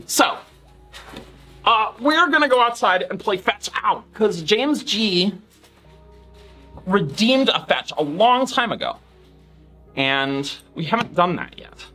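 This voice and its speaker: A woman's voice: medium pitch, fairly bright tone. A woman chatting casually on a live stream, gushing thanks to viewers and coaxing her dog.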